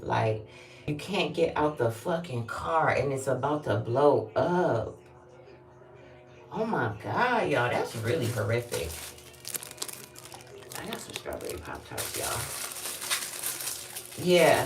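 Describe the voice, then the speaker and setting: A woman telling a candid, rambling storytime while taking a bath, swearing freely and acting out what people said. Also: sits low. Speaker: vlogger. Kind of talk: casual storytime vlog. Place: bathroom, during a bath. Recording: echoey bathroom, mic at a distance.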